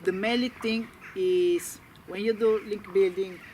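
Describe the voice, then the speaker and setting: Man, Italian accent, non-native English, halting, slow-paced, noisy background. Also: high-pitched, fairly even intonation, a little mellow. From Italy. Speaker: guest. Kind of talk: casual interview.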